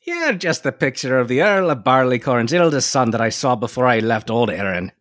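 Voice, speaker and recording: A man's voice: mid-range voice, very animated, brisk, fairly bright tone, no room sound, studio quality, pitched above the performer's own voice. A man putting on a hot-headed Irish lad. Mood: cheery. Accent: put-on Irish. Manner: exaggerated caricature brogue. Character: brash young Irish boy, hot-tempered.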